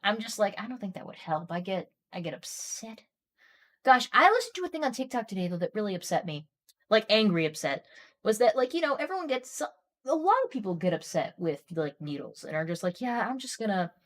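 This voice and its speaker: Woman, casual streaming chat, animated, rambling, worked-up storyteller. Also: mid-range voice, brisk.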